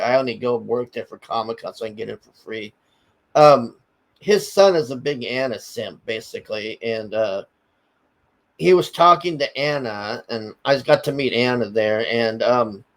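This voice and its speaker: A man's voice: mid-range voice, poor audio. A man ranting in a casual, profane way, telling a story bluntly and often stammering as he goes. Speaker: commentary streamer.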